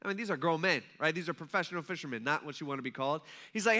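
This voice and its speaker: Animated and very fast with few pauses, this male pastor's fairly high voice is bright and forceful in tone. He gives a casual, conversational sermon, telling the story loosely, acting out the people's voices, and using lots of "kinda" and "like."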